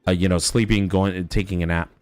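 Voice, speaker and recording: A man's voice: sits low, brisk, clean tone, dry recording, faint music behind. A man streaming a game, telling stories about his toddler in a casual, swearing chat. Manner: animated storytelling, swearing. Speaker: father.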